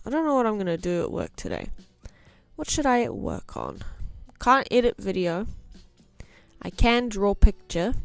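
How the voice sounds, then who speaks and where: A young woman chats casually on a live stream as she draws, in a mid-pitched, everyday voice. She is self-mocking and often mutters half to herself while working. Faint music plays behind her. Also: clean tone, dry recording. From New Zealand.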